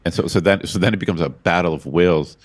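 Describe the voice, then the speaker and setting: A man's voice: sits low, quick pace. A man co-hosting a podcast in casual chat, rambling and self-deprecating with lots of restarts. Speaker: podcast co-host.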